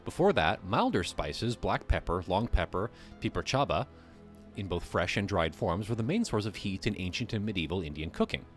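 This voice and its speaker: A man's voice: sits low, lively intonation, normal speed, soft background music. A man hosting a live stream, reading a text aloud and breaking off into joking, casually profane asides to his chat. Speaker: livestream host.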